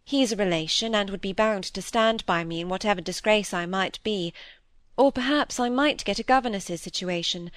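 A woman's voice: medium pitch, normal speed, a bit bright, no echo, natural voice. A woman reading the part of a proud, troubled young woman who speaks heavily and resolutely. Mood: defiant. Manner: heavy, resolute.

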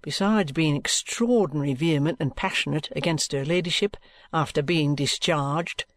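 Male reader as a calm, patronising detective: deliberate and firm, fairly high voice, dry recording. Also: no room sound. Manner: cool, deliberate and coaxing.

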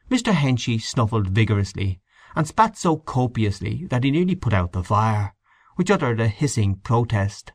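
Expressive male audiobook narrator. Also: mid-range voice, moderate pace, no echo, clean studio sound. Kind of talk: audiobook narration of a short story.

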